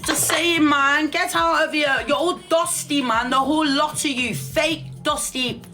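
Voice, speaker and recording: A woman's voice: sits high, steady tone, unhurried, pushed and bright, faint music behind. A middle-aged woman ranting on a livestream, brash and profane, calling everyone darling. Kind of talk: casual rant on a livestream.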